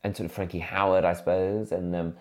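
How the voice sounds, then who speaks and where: A comedian in his thirties telling stories in a casual interview, animated and self-deprecating with frequent restarts. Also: sits low, brisk. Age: 30s. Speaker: comedian guest.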